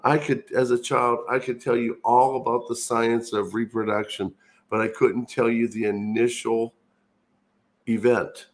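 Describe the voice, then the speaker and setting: A man's voice: mid-range voice, little pitch movement, a little slow. An older man chatting casually on a live stream, telling a rambling childhood anecdote full of restarts. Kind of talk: casual chat, storytelling.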